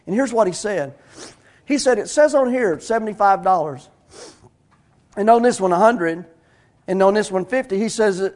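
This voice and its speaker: Man, middle-aged pastor, high-pitched voice, folksy storytelling sermon. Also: moderate pace, long pauses. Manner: storytelling preacher, animated, folksy, with shouts of praise.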